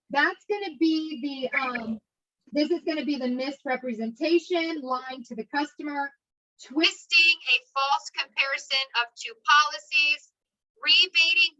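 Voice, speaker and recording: An American woman instructor teaching an exam prep class, talking fast and drilling key points by repeating them. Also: sits high, muffled recording. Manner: fast, energetic, repetitive drilling with memory tricks.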